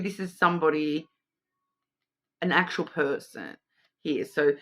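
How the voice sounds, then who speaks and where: A woman's voice: low voice, lively intonation, unhurried, a bit bright. A woman giving a casual intuitive card reading, chatty and rambling, often repeating her words. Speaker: tarot and oracle card reader.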